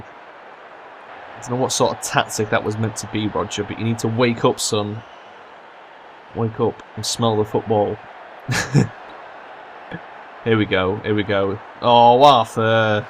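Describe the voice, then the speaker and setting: A young man commentating his own football management game, swearing and yelling at his players when they mess up. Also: lowish voice, slight background noise. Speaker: gaming commentator. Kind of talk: let's play commentary.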